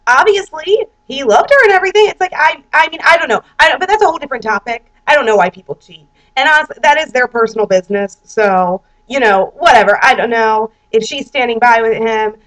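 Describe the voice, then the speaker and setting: A young woman with a high voice rambles casually to her webcam, full of fillers and self-corrections. She slips into mock voices to quote other people. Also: poor audio. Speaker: vlogger.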